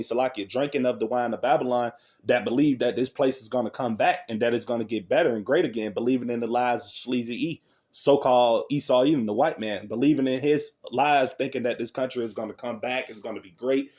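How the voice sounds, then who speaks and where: A slightly mellow, mid-range male voice belongs to a religious online commentator responding to a news clip. He keeps it loose and slangy, laughs often, and reads passages of scripture aloud.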